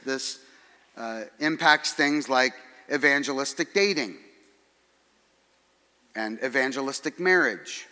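A man preaching a sermon as pastor, earnest and measured, with dry humorous asides. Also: mid-range voice, bright, forceful tone, in a large hall.

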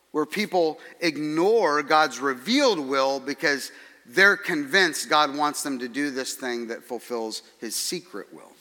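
Man, pastor, earnest measured sermon, dry humor, slightly high voice. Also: pushed and bright, long reverb tail.

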